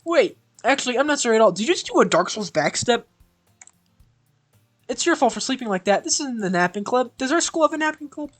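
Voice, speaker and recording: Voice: mid-range voice, sing-song, fairly quick, pitched above the performer's own voice, lightly acted. A streamer voicing a bubbly, clumsy teenage schoolgirl friend in a visual novel read-aloud, with a chirpy, eager delivery. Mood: teasing.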